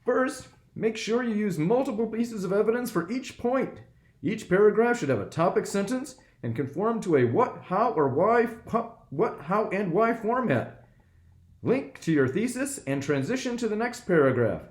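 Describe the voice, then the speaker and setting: Man doing a masked armored kid hero, steady and flat-toned, echoey room. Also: high voice, normal speed. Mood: helpful. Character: masked boy superhero in armor, calm helper.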